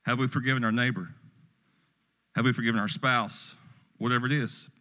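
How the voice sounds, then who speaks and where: Male pastor, middle-aged, folksy conversational sermon, mid-pitched voice, long hall reverb. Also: fairly even intonation, brisk, sharp tone. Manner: folksy, conversational preaching with storytelling asides.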